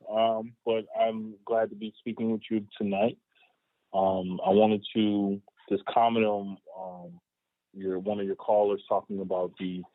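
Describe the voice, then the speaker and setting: Polite hesitant male caller, lowish voice, tinny phone line. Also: no echo. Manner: hesitant, polite, many ums. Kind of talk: phone-in comment.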